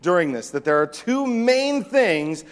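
A man preaching a sermon as pastor, animated, acting out voices from the text. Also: sits high, a little slow, clean tone. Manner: animated, acts out the disciples' lines. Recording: long reverb of a hall.

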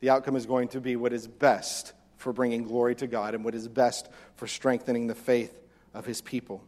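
A man preaching a sermon as pastor, animated, acting out voices from the text. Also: medium pitch, normal speed. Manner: animated, acts out the disciples' lines. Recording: long reverb of a hall.

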